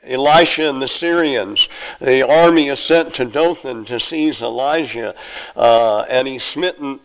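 A man's voice: fairly high pitch, low-quality recording. A male preacher delivering a sermon, reading scripture aloud in an earnest, conversational way.

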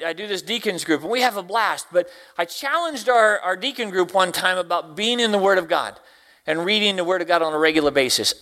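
A deacon and Sunday school teacher from Tennessee preaches a sermon in a high voice. He draws out scripture quotations slowly and moves between hushed lines and loud exclamations.

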